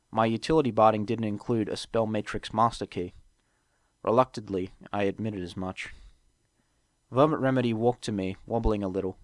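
Guy reading an audiobook, lowish voice, dry close sound, steady storyteller pace. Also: no echo. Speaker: audiobook narrator. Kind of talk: scripted narration.

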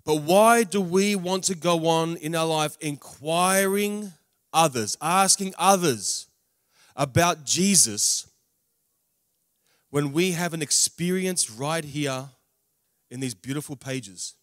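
Man, preacher, testimony sermon, big loud-to-soft swings, dry close sound. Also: fairly high pitch, no room sound. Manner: dramatic swings in loudness, drawn-out emphatic words; humorous asides. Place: large camp meeting venue.

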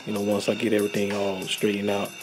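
A man voicing an eager young male turtle inventor in a homemade stop-motion film, quick to panic and shout. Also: on the low side, completely flat delivery, music in the background, lightly acted.

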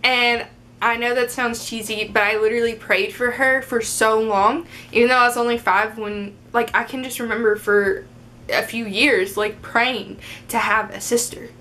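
A woman's voice: a little high, steady tone, normal speed, bright, forceful tone, a little hiss or hum. A young adult woman chatting casually in a get-to-know-me Q&A video, upbeat and full of fillers like "um" and "like". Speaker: vlogger.

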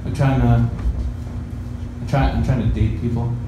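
A man's voice: medium pitch, flat delivery, normal speed, lo-fi sound. A young Canadian man doing a self-deprecating stand-up set, stumbling over restarts. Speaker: stand-up comedian. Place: comedy club stage. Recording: echoey room from far off with loud background noise.

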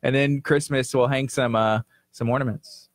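A man co-hosts a live radio show from a studio, teasing his partner and laughing through easy banter. His voice sits at an ordinary pitch and sounds close and dry on the mic. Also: steady tone, moderate pace, no room sound. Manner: joking, teasing, chatty with laughs. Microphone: studio microphone.

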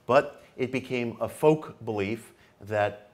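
A man's voice: fairly low pitch, normal speed. A man giving a public lecture in an earnest way, repeating key phrases for emphasis, with occasional hesitant fillers. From New York, United States.

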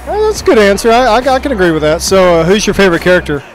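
A man with a notably high voice roams around asking quick questions. He is jokey and teasing, with light music playing underneath. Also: sing-song. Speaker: shipboard interviewer. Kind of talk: roving vox-pop interviews.

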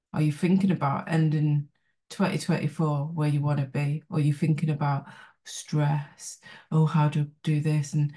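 Calm, low-key woman giving motivational talk. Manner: questioning, encouraging, conversational. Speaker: book club host.

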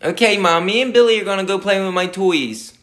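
A man doing a shrill bratty girl star. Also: fairly quick, fairly bright tone. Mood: whiny, bratty. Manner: whiny, demanding, bursts into shrieking tantrums. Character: bratty spoiled girl pop star, childish. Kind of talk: comedy sketch parody.

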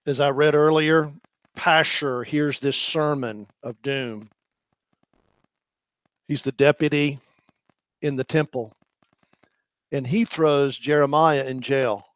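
A man's voice: medium pitch, fairly even intonation, slow pace, long pauses, dry recording. A man preaching a sermon, speaking earnestly and building to impassioned emphasis.

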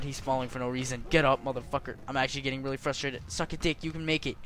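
A man giving profane let's-play commentary, swearing constantly and yelling at the game. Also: medium pitch, flat delivery, quick pace, few pauses. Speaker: gaming commentator.

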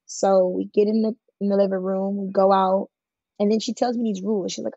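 Woman guest telling her story, plain-spoken and frank, raspy and gravelly, on a dry recording. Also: mid-range voice, flat delivery, a little fast, dark tone, dry recording, highs cut off. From California. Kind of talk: emotional personal storytelling in an interview.

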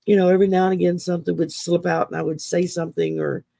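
Gravelly, husky woman telling stories. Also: lowish voice, level tone, fast, dark tone, no echo. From Texas. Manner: chatty, laughs often while telling stories. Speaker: podcast host. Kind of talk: casual interview storytelling.

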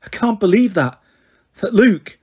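A man putting on a blunt, sharp-tongued young girl from a storybook, clipped in her speech. The voice is raised in pitch and slightly husky. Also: animated, normal speed. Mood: blunt, worried. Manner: blunt, clipped, faltering when upset. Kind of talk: audiobook character reading.

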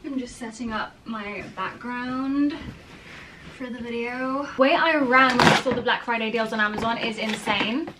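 A woman's voice: fairly high pitch, moderate pace, heavy background noise. A young woman vlogging at home, chatting to camera in a gushing way with many "like"s. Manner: chatty, gushing, says "like" a lot. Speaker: influencer vlogger. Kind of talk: casual vlog chat to camera. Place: bedroom at home, indoors. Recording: echoey room.

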